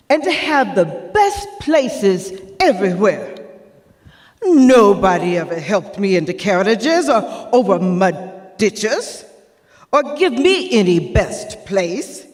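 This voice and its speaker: A woman's voice: mid-range voice, in a large hall. A woman playing a proud, fierce woman orator from the 1800s, speaking in an impassioned, declamatory way. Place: performing arts center stage.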